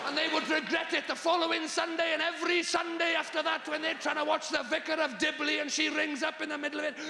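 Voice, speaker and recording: A man doing a live stand-up routine on a large theatre stage, exasperated and bursting into shouts. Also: extremely high pitch, little pitch movement, fast, creaky, hardly any pauses, echoey room, long reverb tail, slight background noise. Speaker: stand-up comedian.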